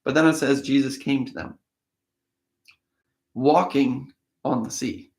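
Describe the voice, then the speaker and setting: Guy a bit hoarse from a cold, reads scripture and chats about it, mid-pitched voice in an echoey room. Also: fairly even intonation, slow, darkish tone. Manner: thinks aloud, conversational asides. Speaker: host of a daily Bible reading show. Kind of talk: casual scripture reading with commentary.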